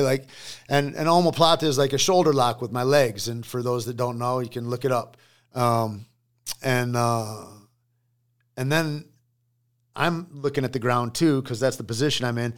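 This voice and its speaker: A man with an average-pitched voice tells a story in a relaxed, conversational way. He jumps into the voices of the people he quotes and then drops back to his own easy tone. He is recorded on a studio microphone. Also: normal speed, smooth. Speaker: podcast guest. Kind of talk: casual storytelling. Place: podcast studio.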